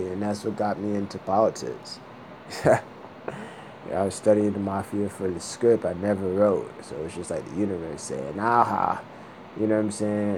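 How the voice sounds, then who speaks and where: A man's voice: fairly low pitch, background noise. A man talking casually to the camera, meandering and thinking aloud, with some swearing. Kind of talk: casual rambling vlog.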